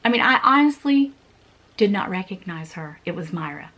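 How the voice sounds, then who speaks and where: A woman's voice: lowish voice, sing-song, normal speed, a bit bright. A woman in her forties, a vlogger telling a personal story in an earnest, repetitive way with small laughs.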